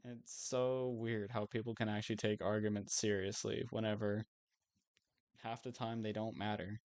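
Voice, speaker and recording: A man's voice: fairly low pitch, little pitch movement, normal speed, a little mellow. A young man chatting casually while streaming a game, rambling and self-amused, swearing now and then.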